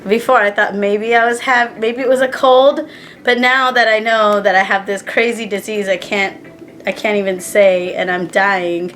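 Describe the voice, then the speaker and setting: A woman's voice: mid-range voice, steady tone, normal speed, fairly bright tone, a little hiss or hum, low-quality recording. A young woman chatting casually to camera, sad and stressed, rambling with fillers and restarts. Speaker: vlogger.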